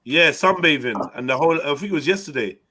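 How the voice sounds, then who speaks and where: A man hosting a livestream, talking in animated, slang-heavy banter with friends. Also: on the high side, fast talker, no room sound. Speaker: livestream host. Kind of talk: casual group chat.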